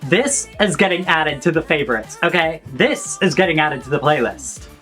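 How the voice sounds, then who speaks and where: A woman hosting a song reaction video, effusive and bursting into shouts, gasps and bits of singing along. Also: sits low, expressive, normal speed. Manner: sings and hums along. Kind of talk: excited song reaction commentary. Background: faint music.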